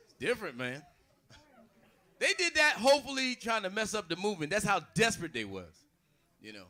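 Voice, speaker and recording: A man's voice: high voice, very animated, a little fast, long pauses, bright, forceful tone. A man doing a stand-up routine on a club stage, drawing out his lines and acting out voices. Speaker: stand-up comedian.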